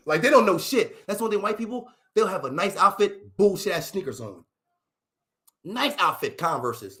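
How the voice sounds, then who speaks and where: A man delivering a profane, animated comedic rant on a livestream. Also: high-pitched, normal speed. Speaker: livestream host.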